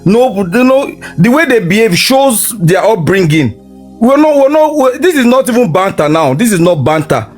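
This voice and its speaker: High-voiced man lecturing emphatically. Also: very animated, normal speed, soft background music. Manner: lecturing, emphatic, repeating questions. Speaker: livestream debater. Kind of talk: heated livestream argument.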